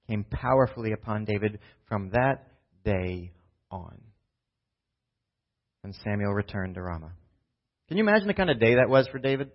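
A male pastor delivers a sermon in a loose, conversational way, tossing in "right?" and "like" as he retells the story. His voice sits in a middle pitch, and the recording sounds slightly dull and lo-fi.

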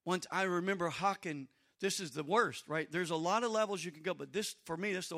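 A man preaching with a strikingly high, sharp voice. He drives his points home with emphasis, swinging from near-shouted peaks to hushed asides. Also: a little fast. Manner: emphatic, builds to shouted climaxes then drops to quiet asides. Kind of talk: sermon.

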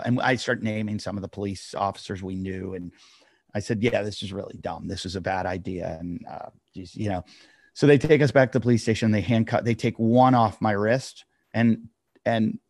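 A man's voice: on the low side, moderate pace, a little mellow, no echo, studio quality. A middle-aged man, a comedian, casually telling a long story on a podcast and acting out the quotes.

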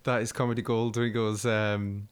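A man's voice: on the low side, level tone, moderate pace, smooth. A young man co-hosting a casual chat, swearing freely and telling stories with acted-out quotes. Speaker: podcast co-host.

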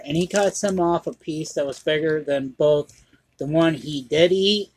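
A man's voice: on the high side, a little slow, breathy edge. A man co-hosting a casual podcast chat, telling a story in a rambling way, restarting his sentences and swearing. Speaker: podcast co-host.

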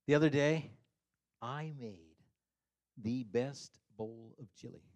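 A man gives a casual, funny sermon at a slow pace, animated and chuckling often. When he acts out quotes, his pitch jumps suddenly high.

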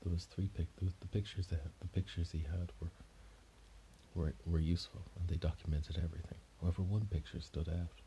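Deep, dark-voiced male storyteller. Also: fairly even intonation, a little fast, slight background noise. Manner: rambling, with frequent restarts and self-corrections. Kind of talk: improvised story narration.

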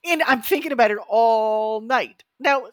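A woman in her fifties, co-hosting a podcast in a casual, animated way and acting out her own thoughts. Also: fairly high pitch, unhurried, no echo, studio quality. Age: 50s. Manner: animated, acts out quoted thoughts. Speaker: podcast co-host.

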